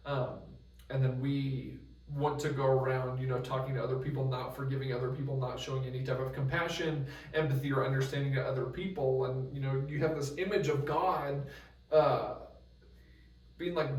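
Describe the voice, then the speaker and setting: A man's voice: mid-range voice, fairly even intonation, normal speed, roomy sound, recorded from a distance, low-quality recording. A young man leading a youth group Bible study in a loose, casual talk with many fillers and restarts.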